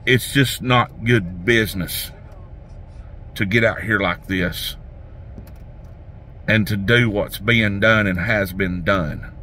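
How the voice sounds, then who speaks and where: A man's voice: fairly low pitch, slow pace, pauses often, pushed and bright, slight background noise. A man, rambling folksy talk about fishing as a vlogger, outdoors by a lake. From Tennessee. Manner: folksy, rambling, restarts a lot. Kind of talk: casual rambling talk to camera.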